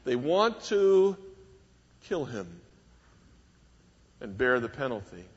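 A man preaching a sermon, measured and emphatic, leaning hard on key words with wide rises and drops in pitch and volume. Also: sing-song, breathy edge. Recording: dull lo-fi recording with long hall reverb.

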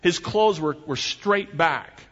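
A man's voice: a little high, animated, takes it slowly, a bit bright. A man preaching a sermon as pastor, earnest and emphatic, often restarting his phrases. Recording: dull recording with long hall reverb.

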